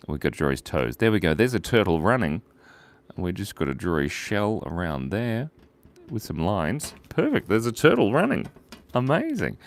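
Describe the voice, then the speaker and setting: Jokey guy drawing live for his viewers, lowish voice that bounces all over. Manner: playful, jokey, narrates while drawing. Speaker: livestream drawing host.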